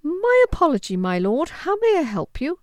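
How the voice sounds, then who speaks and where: Woman putting on young woman, twenty-four, earnest, pleading, high lifted voice, lively swings, dry close sound. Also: measured pace, dry recording. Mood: flustered. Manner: earnest and pleading, higher and brighter than the narration. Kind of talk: audiobook character voice.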